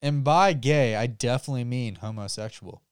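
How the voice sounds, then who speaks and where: A man's voice: medium pitch, normal speed, clean tone, dry recording, studio quality. A young man co-hosting a casual podcast, joking loosely and cursing, a little tipsy. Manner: loose, joking, profane, says he has been drinking. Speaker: podcast co-host.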